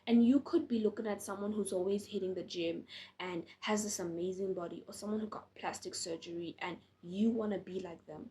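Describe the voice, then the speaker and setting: A woman's voice: medium pitch, fairly even intonation, brisk, warm tone. A tired young woman talking casually to camera as a faith vlogger, earnest and encouraging, with frequent restarts. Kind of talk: casual direct-to-camera talk.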